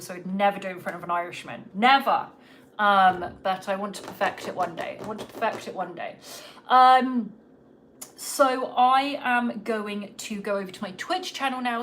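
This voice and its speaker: On a podcast livestream from her Los Angeles home, a rambling, self-deprecating host from England talks casually in a slightly Americanized English accent. Her medium-pitched voice is fairly bright, with a little hiss or hum.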